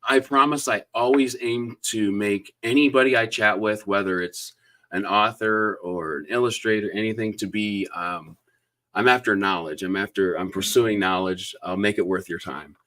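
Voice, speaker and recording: Low-voiced man hosting an eager live chat. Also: normal speed. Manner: enthusiastic, effusive, many fillers and shout-outs. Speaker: booktube interview host. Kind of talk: live-stream interview chat.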